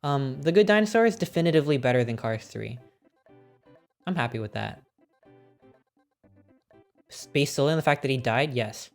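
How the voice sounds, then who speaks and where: A woman streaming casually, ranking films with excited, swear-filled chat and frequent laughter. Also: rumbling low, normal speed, pauses often, faint music behind.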